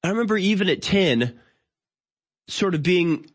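A man in his thirties hosting a talk show, delivering an opinionated monologue. He rants in an exasperated, incredulous way, with sardonic asides and halting restarts. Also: sits high, animated. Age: 30s. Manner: halting, with frequent restarts and fillers. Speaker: show host.

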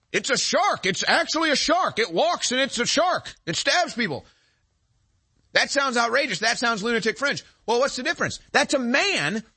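A man's voice: very high voice, pushed and bright, husky, no echo. A man hosting a show, delivering a heated political commentary monologue in an indignant, emphatic way, piling up rhetorical questions. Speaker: show host.

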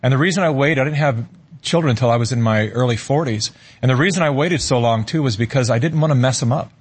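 A middle-aged man, a guest on a talk show, telling a personal story in an earnest, halting way and repeating words as he searches for them. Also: mid-range voice, husky.

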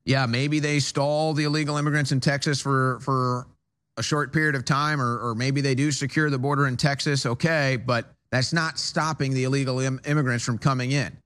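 Man, talk show host, studio monologue, emphatic, repeats himself, medium pitch. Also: steady tone, normal speed, fairly bright tone, clean tone. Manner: emphatic, repetitive, stammering restarts.

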